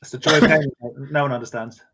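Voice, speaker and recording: A man's voice: medium pitch, steady tone, bright, forceful tone, breathy edge. A man co-hosting a toy collectors' live show over a video call, teasing and joking in casual banter. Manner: quick, jokey, teasing.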